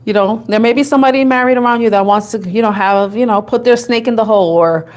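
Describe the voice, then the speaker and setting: A woman's voice: on the high side, fast, darkish tone. A woman giving a casual tarot reading, talking and thinking aloud in a chatty, giggly way. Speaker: tarot reader.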